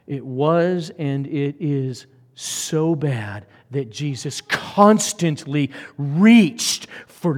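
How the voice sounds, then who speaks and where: A man preaching a sermon, swinging from loud emphatic lines to hushed whispers. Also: fairly high pitch. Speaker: pastor. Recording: long hall reverb.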